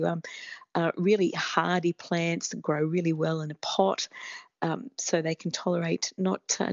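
A woman's voice: lowish voice, a little mellow, no echo, highs cut off. Woman giving gardening advice on radio. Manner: friendly, practical, with many ums and restarts. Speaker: gardening expert guest.

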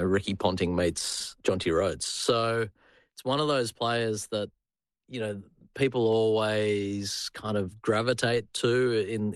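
Australian man, low voice, jovial co-host, dry sound. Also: dry recording. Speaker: podcast co-host. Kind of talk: casual chat.

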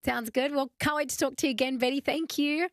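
An Australian woman hosting talkback radio in a casual, friendly way, chatting easily with callers. Her mid-pitched voice has a gravelly edge, and the studio sound is dry and close. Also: steady tone, quick pace, dry recording. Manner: friendly, chatty, laughs often. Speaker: radio host.

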